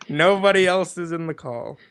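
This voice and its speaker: A man's voice: high voice, a little slow, fairly bright tone, smooth. Laid-back man hosting a livestream. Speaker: livestream host. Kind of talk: casual group chat on a livestream.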